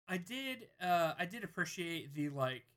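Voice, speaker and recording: A man's voice: high-pitched, very animated, unhurried, fairly bright tone. A man co-hosting a podcast, giving frank, opinionated takes in a casual chat about a TV show. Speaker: podcast co-host. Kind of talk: casual chat recapping a TV episode.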